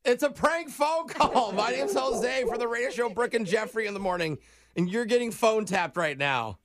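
A man's voice: very high voice, expressive, normal speed, over a noisy crowd. A man making a prank phone call as a flustered, frantic dog sitter who keeps laughing through his lines. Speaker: radio prank caller posing as a dog sitter.

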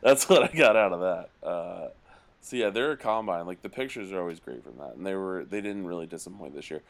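Low-voiced man joking on a podcast. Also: animated, brisk. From Northeast US. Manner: rambling, joking, puts on accents mid-story. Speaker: podcast co-host. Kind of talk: casual chat.

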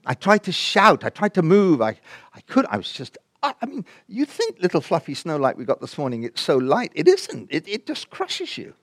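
Animated older Englishman giving testimony. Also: on the high side, normal speed, dry recording, clean studio sound. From England. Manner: animated storyteller who acts out dialogue and drops to near-whispers. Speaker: preacher. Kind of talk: personal testimony in a sermon.

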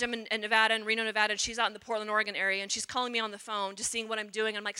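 A woman's voice: mid-range voice, very fast, few pauses, smooth. A middle-aged woman, a religious sister, giving a personal testimony talk and acting out the quotes with animation. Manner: animated storyteller, acts out quotes.

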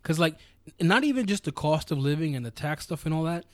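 Fast-talking New man, animated. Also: on the high side, no room sound. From New York. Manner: animated storyteller, swears freely. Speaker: podcast co-host. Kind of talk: casual chat.

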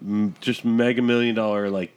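A man's voice: lowish voice, flat delivery, moderate pace, a little mellow, smooth. A man chatting casually on a podcast, rambling with lots of fillers and laughing often.

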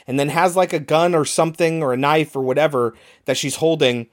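This podcast host tells the story with lively energy, piling on details and dropping the odd curse word. It's relaxed banter between friends, delivered in an animated, chatty way. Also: medium pitch, a little fast. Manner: animated storyteller, swears casually. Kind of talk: casual movie recap chat.

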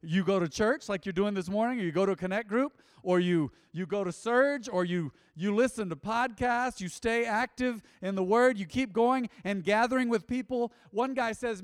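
High-voiced, animated male pastor. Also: normal speed, few pauses, clean tone, dry recording, studio quality, in a large hall. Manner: animated, emphatic preaching with acted-out quotes. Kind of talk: sermon. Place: church.

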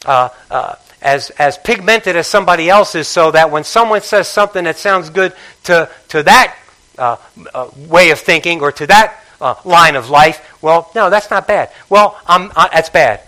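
Pastor guy preaching, high bright voice, keeps repeating himself and egging on the church to answer. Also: animated, moderate pace, poor audio. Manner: emphatic, repeats phrases, prods congregation for responses. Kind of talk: sermon.

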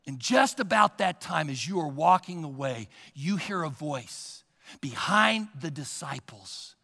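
Slow, gravelly-voiced preacher man. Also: a little high, expressive. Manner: preacherly, rhetorical questions to the congregation; dramatic storytelling, swinging between loud and hushed. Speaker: pastor. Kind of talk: sermon. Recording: long reverb of a large hall.

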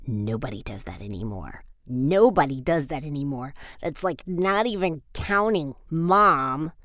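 A woman's voice: sits low, animated, unhurried, fairly bright tone, no echo, studio quality, pitched below the performer's own voice. A woman voicing a bored, sulky teenage girl who talks in a dismissive drawl.

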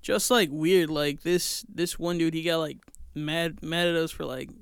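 A young man with a fairly high, smooth voice chats on a podcast. He tells his story in a relaxed, rambling way, full of slang and restarts. The sound is dry and close. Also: unhurried, no room sound. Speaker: podcast co-host. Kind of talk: casual storytelling chat. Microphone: own camera setup.

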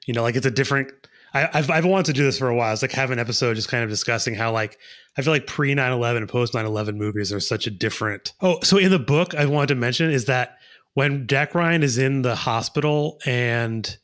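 A man talking loosely about a film on a podcast. He hedges, restarts and piles on fillers as he thinks aloud. His voice sits at an ordinary middle pitch. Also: fast, fairly bright tone. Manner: rambling, hedging with many fillers. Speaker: podcast co-host. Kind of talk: casual movie discussion.

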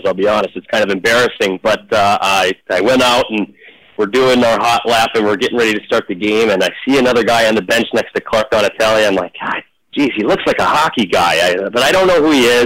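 A man, a former referee, telling stories casually in an interview, animated and full of restarts. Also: medium pitch, low-quality recording. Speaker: hockey officiating manager, former referee.

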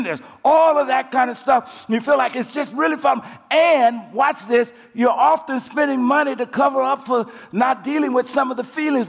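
A male pastor with a high voice preaches from the pulpit, climbing to shouts and then dropping to a hush. His words ring out with a long echo in a large hall. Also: vocal fry. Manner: preaching with rising shouts and quiet drops, repeats words. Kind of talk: sermon. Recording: live sermon with long hall reverb.

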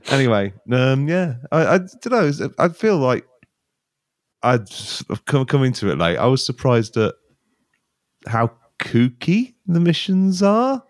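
A man co-hosting a podcast who tells stories quickly in casual comedic chat and laughs often. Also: mid-range voice, very animated, dry recording, clean studio sound. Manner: rapid, giggly storytelling with frequent laughter. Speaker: podcast co-host.

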